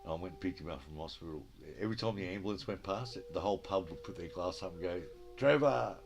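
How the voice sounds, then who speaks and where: Deep Australian male storyteller, casual and sweary, plays every part in his anecdotes, music under. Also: fast talker. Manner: rambling, swears freely, acts out quoted dialogue. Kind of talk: casual yarn-telling.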